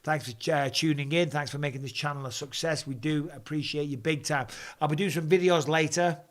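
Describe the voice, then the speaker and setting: A man's voice: a little high, fairly even intonation, fairly quick. A man hosting a live stream from home, chatting casually in a blunt, jokey way.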